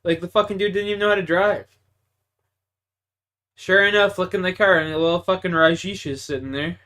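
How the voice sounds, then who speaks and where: A young man with a Canadian accent rants profanely while gaming on stream, talking a little fast in a high, steady voice. His casual chat swings from loud to mumbled.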